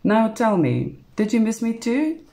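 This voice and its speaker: A woman's voice: on the high side, big pitch swings, a little slow, dark tone, pitched above the performer's own voice. A woman reading a storybook, voicing a playful, affectionate young woman with a light, teasing delivery. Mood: playful, loving.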